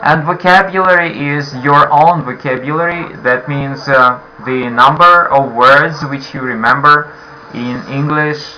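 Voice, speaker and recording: Slow, patient male English teacher. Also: fairly high pitch, lo-fi sound, a crowd in the background. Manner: slow, patient, repeats questions and waits for answers. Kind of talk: online class for beginners.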